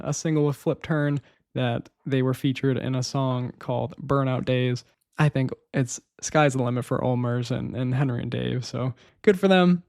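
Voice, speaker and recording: A young man talks through his favorite records in a relaxed solo podcast. He rambles eagerly, laughs easily and leans on filler words. His mid-pitched voice sounds close and dry. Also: clear, resonant tone, no room sound. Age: young adult. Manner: enthusiastic, rambling, laughs often, uses "like" and "man". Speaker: podcast host. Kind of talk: casual solo music review podcast.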